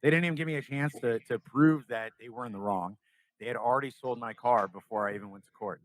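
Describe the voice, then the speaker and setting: A man's voice: medium pitch, fast talker, no room sound, poor audio. A young man from California, a podcast guest, telling a story in casual interview talk and acting out the dialogue.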